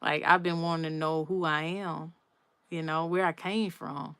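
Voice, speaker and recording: A woman's voice: low voice, steady tone, moderate pace, a bit bright, smooth, no room sound. A woman hosting a casual live stream, talking emphatically to her viewers and repeating her points. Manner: emphatic, repeats herself, addresses viewers as "y'all".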